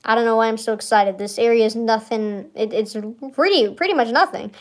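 A woman's voice: fairly high pitch, brisk. A young woman streamer giving a casual, rambling tour of a building in a game, giggling often and stalling on many fillers.

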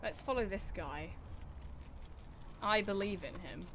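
A woman's voice: mid-range voice, animated, measured pace, background noise. A young woman streaming a horror game from her desk at home, chattering anxiously, mocking herself and breaking into sudden screams. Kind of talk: live game commentary.

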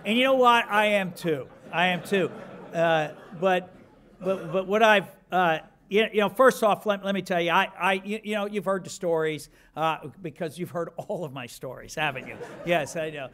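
A man's voice: high voice, normal speed, a bit bright. A man in his fifties giving a rambling, self-deprecating acceptance speech with many restarts.

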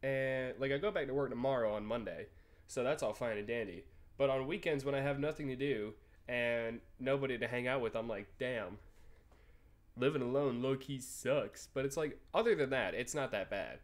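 A man's voice: mid-range voice, fairly quick. A young man casually commenting on a texting game, rambling and joking with frequent swearing and laughter. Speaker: gaming YouTuber. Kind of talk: casual let's play commentary.

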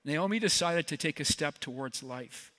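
A man's voice: fairly high pitch, animated, moderate pace, sharp tone. A man preaching a sermon as a guest speaker, conversational and joking with the congregation in between. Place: church sanctuary.

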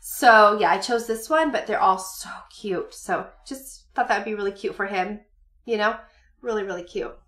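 A woman's voice: mid-range voice, moderate pace, fairly bright tone, echoey room. A woman in her forties chatting casually to camera at home, rambling through a shopping haul with many fillers and laughs. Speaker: vlogger showing a shopping haul.

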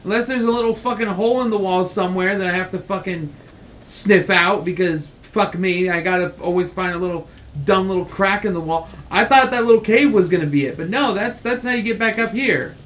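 Young-sounding high male gamer, irritable and profane, casual co-op banter. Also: brisk, slight background noise. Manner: frustrated, swearing, bursts into shouts. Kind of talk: casual let's play chat.

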